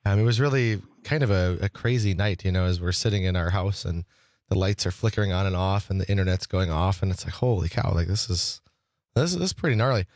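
A man's voice: low-pitched, a little fast, a little mellow, dry recording, studio quality. A man from Wisconsin hosting a talk radio show, chatting casually and rambling with lots of restarts. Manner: rambling, with many restarts and fillers.

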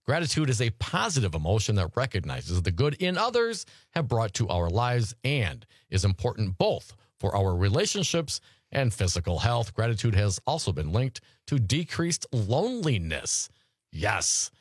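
A man's voice: mid-range voice, sing-song, moderate pace, dry recording, clean studio sound. A man hosting a talk radio show, reading news articles aloud and riffing on them casually.

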